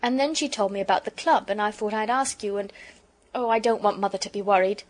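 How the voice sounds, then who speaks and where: A woman's voice: medium pitch, brisk, natural voice. A woman voicing an earnest young girl. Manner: earnest, eager, a little shy.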